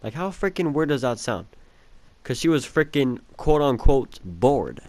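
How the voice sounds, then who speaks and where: A young man telling a childhood story in a rambling, casual way, swearing a lot and filling pauses with um and like. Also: mid-range voice, very animated, darkish tone. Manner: rambling, profane, full of fillers and laughs.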